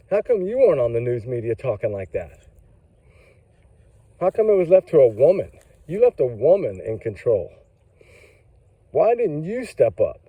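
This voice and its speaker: A man's voice: medium pitch, mellow, recorded from a distance, poor audio. A man in a casual commentary vlog, rambling and impassioned, firing off question after question. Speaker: vlogger.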